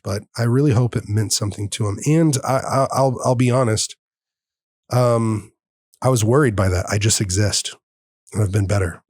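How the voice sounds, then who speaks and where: A man's voice: lowish voice, a little mellow, no echo, clean studio sound. A man in his thirties, a podcast host, telling a personal story in an earnest, heartfelt way and acting out the dialogue. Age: 30s. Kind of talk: personal storytelling in casual conversation.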